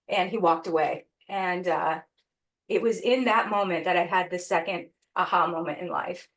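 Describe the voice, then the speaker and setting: A woman guest on an interview podcast, telling a personal story in an earnest, reflective way with pauses and restarts. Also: fairly low pitch, a bit bright.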